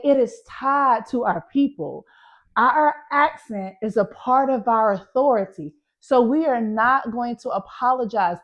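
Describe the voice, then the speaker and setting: A Southern American woman in her thirties, a public speaking coach teaching energetically to camera, emphatic and folksy, repeating her key points. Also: a little high. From Southern United States. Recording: muffled, lo-fi recording.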